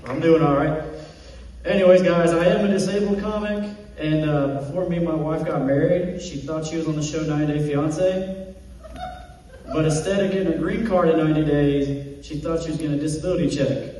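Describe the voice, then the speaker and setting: A man's voice: fairly high pitch, fairly even intonation, fairly quick, dark tone, a little hiss or hum. A man doing a stand-up comedy set on stage, telling self-deprecating jokes and acting out quotes. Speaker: stand-up comic. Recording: distant echoey hall recording.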